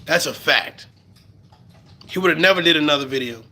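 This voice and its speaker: On a live stream, a middle-aged man from the Bronx rants and curses in a New York accent at a normal speed, alternating between muttering low and bursting out loudly.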